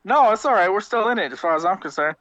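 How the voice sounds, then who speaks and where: A man's voice: sits high, animated, fast talker, a bit bright, muffled recording, slight background noise. A man co-hosting a podcast, rambling and joking with heavy profanity in casual banter. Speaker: podcast co-host.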